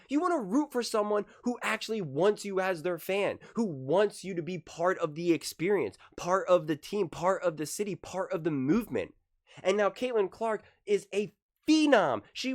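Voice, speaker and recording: A young man hosting solo sports commentary, rambling and exasperated, repeating "like" a lot as he talks. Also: sits high.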